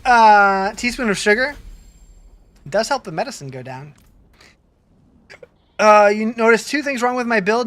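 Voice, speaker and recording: Bright-voiced streamer with hiccups. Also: medium pitch, lively intonation, unhurried, pauses often. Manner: chatty, answers chat questions with many restarts. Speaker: game streamer. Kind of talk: casual live-stream chat, reading viewer comments.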